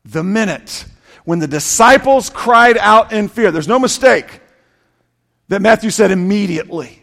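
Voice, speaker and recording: Male preacher, very high voice, swings between hushed drawn-out phrases and loud repeated declarations in a reverberant hall. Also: lively intonation, creaky. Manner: emphatic, repetitive preaching with sudden loud bursts and slow drawn-out phrases. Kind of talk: sermon. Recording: long reverb of a large hall.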